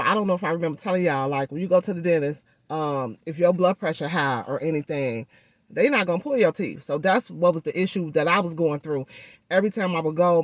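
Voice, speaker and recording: A woman's voice: on the low side, no echo. A woman talks straight to her viewers in a loose, chatty vlog manner, often calling them "y'all". Her words come out thick and muffled because her jaw is swollen and gauze fills her mouth. The recording is dry and close, with no room sound. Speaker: vlogger. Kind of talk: casual vlog chat.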